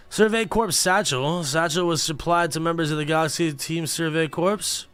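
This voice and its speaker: A man's voice: on the high side, normal speed, fairly bright tone, soft background music. A young man livestreaming a game, chatting casually and reading game text aloud with offhand reactions, sleepy and yawning. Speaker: gaming streamer.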